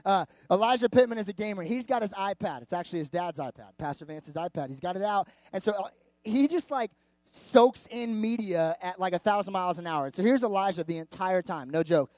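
A male pastor with a notably high voice tells a story in his sermon, animated, candid and chatty. The sound is close and dry, with no room around it. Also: brisk, no echo. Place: church service before a live audience.

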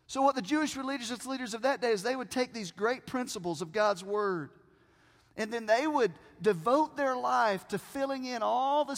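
A man preaching a sermon from a church stage, who asks the congregation questions and pauses for effect. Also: extremely high pitch. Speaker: pastor. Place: church sanctuary with a screen. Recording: long reverb of a large hall.

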